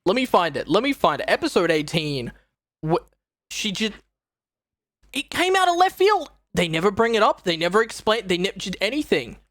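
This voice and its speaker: A woman's voice: medium pitch, normal speed, dry recording, clean studio sound. A young woman streaming, giving casual, profane and exasperated reaction commentary on a show. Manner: exasperated, profane, animated retelling.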